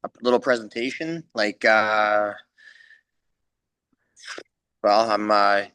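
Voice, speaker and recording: A man in his thirties, a fighter answering interview questions in a relaxed, rambling way with lots of fillers. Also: lowish voice, measured pace, smooth, no echo, low-quality recording. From Canada. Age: 30s. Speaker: MMA fighter, guest.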